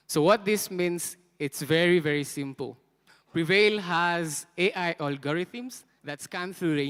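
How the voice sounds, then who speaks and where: A man's voice: mid-range voice, clean tone. A man presenting a product at a conference, drawing the audience into call-and-response. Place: conference hall. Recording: reverberant conference hall.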